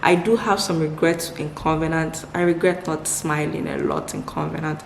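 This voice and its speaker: Young Nigerian-born woman, low voice, upbeat Q&A vlogger, roomy echo. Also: steady tone, moderate pace, vocal fry, slight background noise. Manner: upbeat, repeats words for emphasis, laughs often. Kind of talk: casual Q&A chat to camera. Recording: echoey room with faint ambience.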